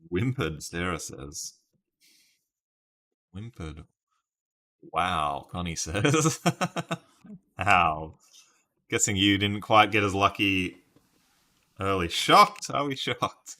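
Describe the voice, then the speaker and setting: A man's voice: low-pitched, animated, drawn-out words, long pauses, pushed and bright. A man casually live-streaming a word puzzle, thinking aloud over his guesses and chatting with viewers by name. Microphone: webcam stream setup.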